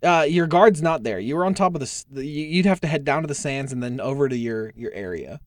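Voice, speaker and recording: A man's voice: a little high, lively intonation, fast, dry recording, clean studio sound. A young man running a tabletop game as game master, narrating in a casual, filler-heavy way with cursing.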